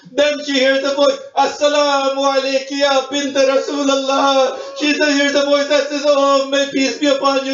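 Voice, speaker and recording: A man delivers a mourning sermon in a hall, narrating the story and pausing on rhetorical questions. His voice sits very high but stays on a narrow, level line. He sounds distant from the mic, with a muffled, roomy recording. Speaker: religious speaker. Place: Islamic center hall.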